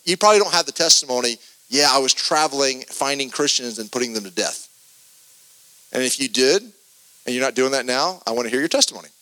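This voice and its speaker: A man preaching a podcast sermon, earnest and animated, reading scripture with emphatic stress and loose restarts. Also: a little high, low-quality recording.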